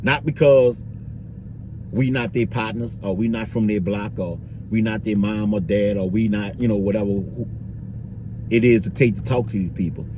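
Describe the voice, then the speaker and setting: A man's voice: lowish voice, normal speed, noisy background. A man vlogging in a loose, slangy street-talk monologue, filling it with "you dig" and "bro".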